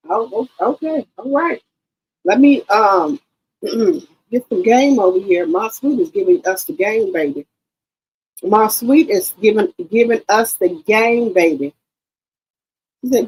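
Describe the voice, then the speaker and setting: Animated older woman streamer, husky voice. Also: medium pitch, measured pace, pauses often, poor audio. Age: 60s. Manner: animated, profane, repeats herself, calls viewers "my sweet" and "baby". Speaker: live-stream host reacting to comments. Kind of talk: casual live-stream chat.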